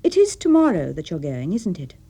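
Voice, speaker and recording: Teasing young Englishwoman with a small soft voice, lively lilt, mellow tone, read by a woman narrator. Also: lowish voice, fairly quick, husky, full character voice. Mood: light teasing.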